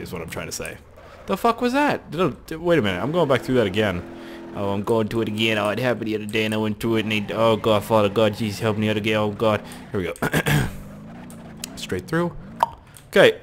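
A man rambles through casual game commentary, swearing and getting excited. His voice sits at an average pitch, with faint noise in the background. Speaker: host.

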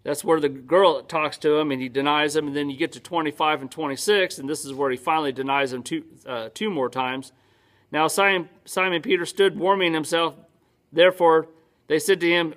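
A man's voice: on the high side, steady tone, a little fast, fairly bright tone. A male pastor teaching a sermon in a church, conversational, often asking his congregation questions and answering them himself.

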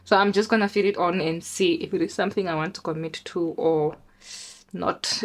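A young woman from Namibia chatting casually in a vlog, excitable and talkative, with sudden high squeals. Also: normal speed. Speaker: vlogger.

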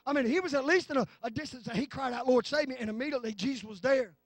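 A man preaching a fervent sermon in church, swinging from low talk to shouting. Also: expressive, fast, hardly any pauses, no echo, soft background music. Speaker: pastor. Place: church sanctuary.

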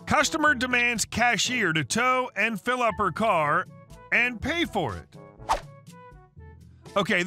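Man, story narrator, high and lively pitch, steady synthetic read, soft music bed. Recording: faint music underneath.

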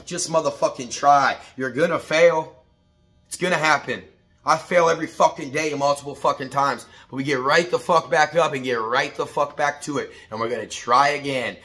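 A middle-aged man giving a blunt, profane morning motivational talk, preachy and repetitive, building to shouted pep-talk bursts. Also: on the high side, normal speed. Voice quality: profane, blunt, street-casual. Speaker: motivational vlogger.

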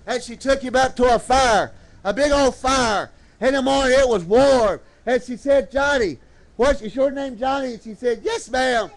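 A man preaching a storytelling sermon at a church service, calling out to the congregation and swooping into slow, dramatic phrases. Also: extremely high pitch.

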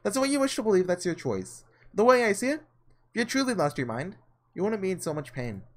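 A man reading a visual novel aloud, voicing a muffled, seductive female witch spirit who speaks softly and coaxingly. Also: high voice, big pitch swings, brisk, pitched above the performer's own voice. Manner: soft, coaxing, honeyed.

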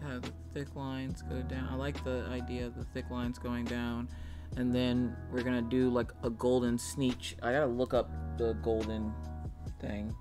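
A woman's voice: rumbling low, flat delivery, unhurried, music in the background. A woman streaming live, thinking aloud as she draws and greeting her chat in a casual, chatty way.

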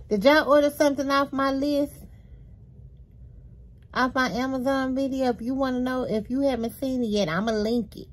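A sleepy, exhausted woman vlogging casually with speech, laid-back and tired, chatting to viewers as y'all and swearing casually. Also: fairly high pitch. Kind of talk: casual vlog chat to camera. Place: home kitchen, indoors. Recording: echoey room with background noise.

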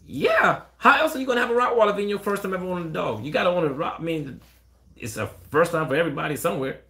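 A man, a dog breeder answering questions on a casual live stream, blunt and animated, quoting callers in a raised voice. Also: high voice, rapid-fire.

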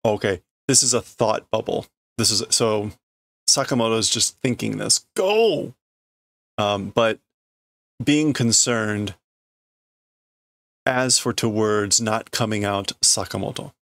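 A man reading a comic aloud on a stream, translating it line by line in a halting way as he thinks it through. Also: fairly low pitch, steady tone, a bit bright, dry recording. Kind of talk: casual read-through stream.

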